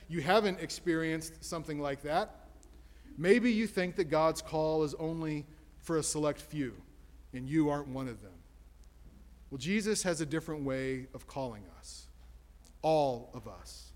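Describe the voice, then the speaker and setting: A man preaches from the pulpit with a slightly raised, emphatic cadence, stacking rhetorical questions one after another. His voice rings out with a long reverb tail from the church sanctuary around him. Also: fairly high pitch. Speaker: pastor. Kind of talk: sermon.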